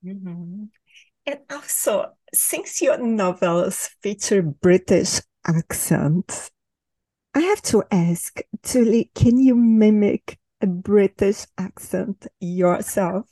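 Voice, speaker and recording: A woman hosting a podcast, asking interview questions in a measured, encouraging way. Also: medium pitch, mellow, no echo. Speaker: podcast host.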